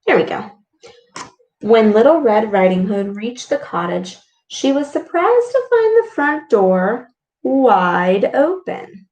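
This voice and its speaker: A woman reading a storybook aloud to children, expressive and full of gasps and exclamations. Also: fairly high pitch, slow. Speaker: speech clinician reading to children. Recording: echoey room.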